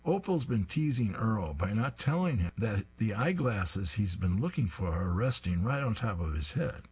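A man's voice: lowish voice, big pitch swings, normal speed, a little mellow, breathy edge. A man reading comic strips aloud, describing each panel with amused asides.

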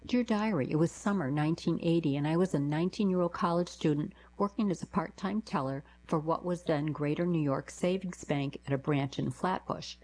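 A woman narrating short reader-submitted diary stories in a calm, even scripted read. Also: sits low, fairly quick, few pauses, poor audio. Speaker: narrator reading diary letters.

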